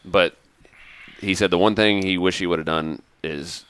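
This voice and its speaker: A man's voice: sits low, steady tone, normal speed, a bit bright, clear, resonant tone. A man co-hosting a podcast in casual chat, rambling with many restarts and trailing thoughts. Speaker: podcast co-host.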